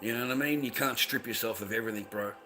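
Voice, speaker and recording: Australian man, bright-edged voice, rambling foul-mouthed streamer, drifts from mutters to loud heated outbursts. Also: rapid-fire. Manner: rambling, swears constantly, says mate after nearly every line; swings from low mumbles to loud, heated outbursts with laughs. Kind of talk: casual livestream rant.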